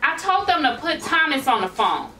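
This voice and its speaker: A woman's voice: high-pitched, sing-song, moderate pace, pushed and bright, a little hiss or hum. A woman acting in a comedic drama, talking in a sassy, exasperated way. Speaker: actress in a short film. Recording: distant mic with music bed.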